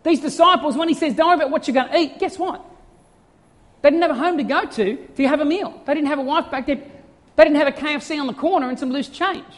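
Animated preacher in a reverberant hall. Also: sits high, brisk. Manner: animated preaching with rhetorical questions and acted-out quotes. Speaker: pastor. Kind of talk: sermon. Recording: reverberant church hall sound.

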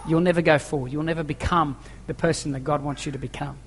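A man's voice: a little high, steady tone, fast talker, slight background noise. A man preaching a sermon to his congregation in a church hall, emphatic, repeating key phrases and asking rhetorical questions. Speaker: pastor. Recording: long echoing church reverb.

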